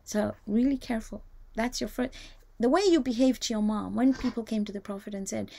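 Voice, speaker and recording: A woman giving a live religious talk, telling stories with animation and often dropping to a hushed whisper. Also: a little high, a little fast, gravelly. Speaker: religious teacher.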